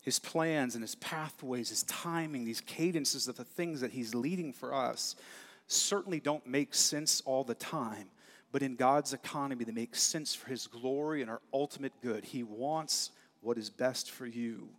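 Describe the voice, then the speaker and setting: A man's voice: mid-range voice, a little slow. A man preaching a sermon, earnest and conversational, with casual asides, in a church sanctuary. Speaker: pastor. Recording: long hall reverb.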